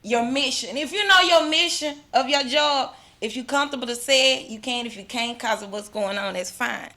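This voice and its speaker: A woman's voice: fairly high pitch, moderate pace, few pauses, bright, forceful tone. A middle-aged woman, giving a fervent personal testimony as a mother at an awards ceremony, repeating herself and restarting often. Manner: fervent, repetitive, restarts often, religious phrasing. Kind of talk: emotional personal testimony speech.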